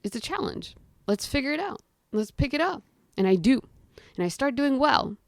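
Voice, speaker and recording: A woman's voice: sits high, big pitch swings, moderate pace, no echo. A young woman tells a story in a chatty, casual way, peppering her talk with "like". She acts out the voices of herself and others as she goes. The sound is dry and close. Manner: chatty, frequent "like" fillers. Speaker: guest storyteller.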